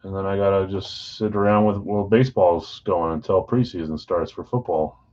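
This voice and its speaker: A man hosting a live sports card break stream, chatting casually with viewers and reading out team assignments in a relaxed way. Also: deep voice, normal speed, highs cut off. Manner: relaxed, chatty, talks straight to viewers by name.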